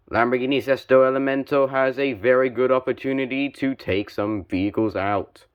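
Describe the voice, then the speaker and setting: A young man giving play-by-play commentary on a toy car joust, calm and measured with sudden excited spikes on big hits. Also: mid-range voice, clean tone.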